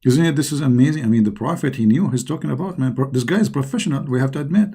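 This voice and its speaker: Racing through a mocking monologue critiquing religion, a middle-aged online commentator scoffs and drips sarcasm in loose, non-native grammar. His voice is low in brightness, mellow and a little husky.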